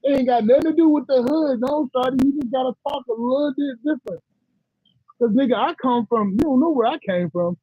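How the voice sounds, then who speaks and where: A man with a strikingly high-pitched voice talks bluntly and rambles in casual slang, addressing his livestream viewers. The sound is dry and a little dull, close to the mic. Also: a little fast, slightly rough, no echo. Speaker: livestream host.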